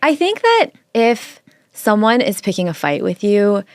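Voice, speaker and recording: A young woman co-hosting a podcast, thinking aloud with hesitant, halting restarts and a self-deprecating edge. Her pitch moves around a lot. The recording is dry and close. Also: wildly swooping pitch, no echo. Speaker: podcast co-host. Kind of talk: casual chat.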